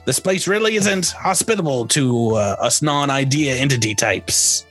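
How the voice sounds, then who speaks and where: A man voicing a weathered woman soldier captain who speaks through a mask, in a raspy, slightly muffled voice. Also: medium pitch, animated, normal speed, fairly bright tone, faint music behind, pitched above the performer's own voice. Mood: gruff, curious.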